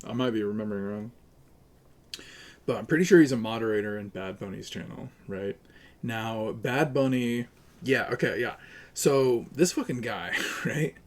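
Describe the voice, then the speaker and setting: A man's voice: fairly low pitch, moderate pace. Profane, sarcastic male streamer ranting. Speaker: livestreamer. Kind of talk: casual live-stream rant to chat.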